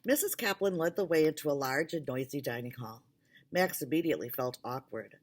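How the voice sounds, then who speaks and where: Low-voiced woman reading aloud. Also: a little fast. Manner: casual greeting, then steady narration. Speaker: reader.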